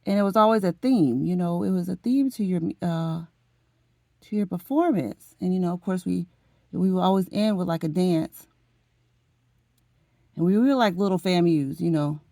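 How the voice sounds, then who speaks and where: Middle-aged woman vlogger, low and gravelly, very talkative, close dry sound. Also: moderate pace, pauses often, dark tone, no room sound. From Florida. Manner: chatty and emotional, often says "honey" and "y'all". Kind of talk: casual chat to camera.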